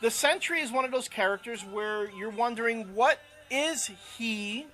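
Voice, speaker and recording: A man's voice: extremely high pitch, normal speed, bright, forceful tone, soft background music. A man co-hosting a casual chat show, opinionated and rambling, with lots of fillers. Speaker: co-host.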